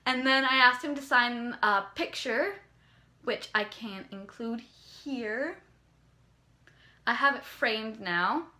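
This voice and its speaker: Bright-voiced excited young woman vlogger. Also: fairly high pitch, takes it slowly. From Canada. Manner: excited, rambling with many "like"s. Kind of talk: casual storytelling.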